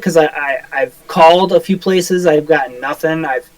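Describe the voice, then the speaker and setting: Higher-voiced man ranting casually. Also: normal speed, a little mellow, dry recording, poor audio. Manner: rambling, swears a lot, full of "like" fillers. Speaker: podcast co-host. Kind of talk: casual chat.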